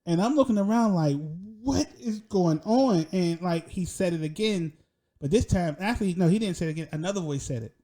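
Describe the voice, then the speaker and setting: A young man telling a personal story in an animated, slangy way, often laughing. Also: sits high, quick pace.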